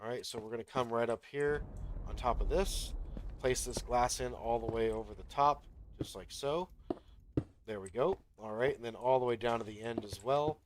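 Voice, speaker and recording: A man's voice: mid-range voice, moderate pace, a little hiss or hum. A man hosting a gaming channel, talking the viewer through each step as he plays in casual commentary.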